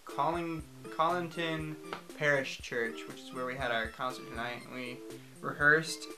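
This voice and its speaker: A man's voice: fairly high pitch, steady tone, normal speed, low-quality recording. Chatty young man over background music. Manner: chatty, laughs between sentences. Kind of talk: casual vlog recap. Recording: music playing underneath.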